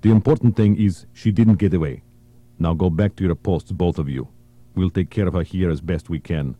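A man voicing a ruthless male terrorist leader who speaks slowly and in clipped threats. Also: sits low, mellow, no room sound, dull audio. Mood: menacing.

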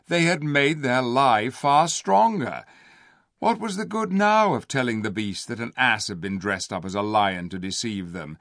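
A man narrates a children's story with a gravelly, textured voice. His reading swings widely in pitch, lively and expressive. The sound is forceful and bright, recorded dry and close. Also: dry recording. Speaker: audiobook narrator. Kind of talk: scripted narration.

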